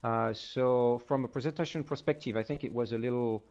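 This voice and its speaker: A man judging a pitch over a video call, frank in his feedback and full of fillers. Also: fairly even intonation, brisk, darkish tone. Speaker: pitch contest judge. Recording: dull lo-fi video call audio.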